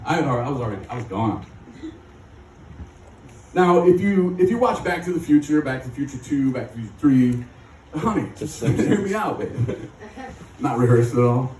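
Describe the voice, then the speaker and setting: A man's voice: on the high side, big pitch swings, moderate pace, long pauses, a little mellow, recorded from a distance, a little hiss or hum. A man from Michigan speaking at a recovery rally, telling his story in a joking, rambling way with frequent laughs. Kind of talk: recovery testimony talk. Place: live rally stage. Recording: echoey and off-mic.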